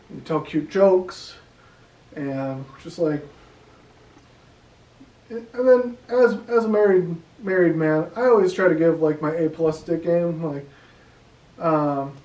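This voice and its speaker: A young man runs through a casual stand-up set, his voice sitting a little high. He rambles and leans on ums and likes. He is picked up from a distance in a roomy, echoing space. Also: a little mellow, highs cut off. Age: young adult. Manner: rambling, filler-heavy delivery with many ums and likes. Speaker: stand-up comedian. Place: room at home. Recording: echoey room, voice from a distance.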